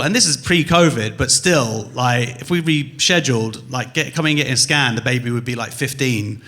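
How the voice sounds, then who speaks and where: Male stand-up comic, mid-pitched, animated club storyteller who swears a lot and keeps dropping from loud bursts to mutters. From England. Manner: animated storytelling, acts out his wife and staff in quick voices. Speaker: stand-up comedian. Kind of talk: stand-up comedy set. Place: comedy club stage.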